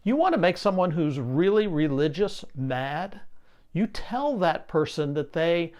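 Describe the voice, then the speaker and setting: A man preaching a sermon, reading scripture and then explaining it with rhetorical questions and lively emphasis. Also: a little high, unhurried.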